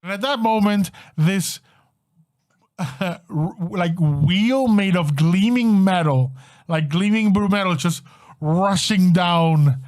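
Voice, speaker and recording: A man with a fairly high voice narrating a tabletop game as game master. He describes the scene in a loose way and often breaks into laughter. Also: takes it slowly, darkish tone.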